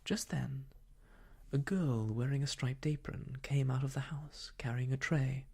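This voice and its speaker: A storyteller reading an old children's book aloud softly as a whispered role-play for sleep. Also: medium pitch, steady tone, vocal fry, breathy edge. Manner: soft, slow bedtime reading.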